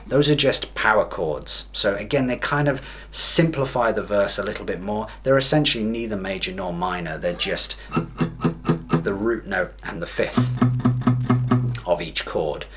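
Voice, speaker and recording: A man explaining strumming in a guitar lesson, steady and methodical, counting beats aloud. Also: low voice, moderate pace. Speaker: guitar teacher. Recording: guitar music loud behind. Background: guitar playing.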